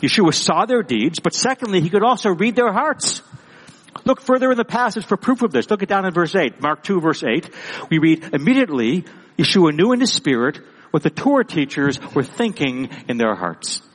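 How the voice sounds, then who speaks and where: A pastor preaching a sermon with emphatic, repeated phrases. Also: male voice, sits high, very animated, moderate pace, breathy edge, in a large hall, poor audio.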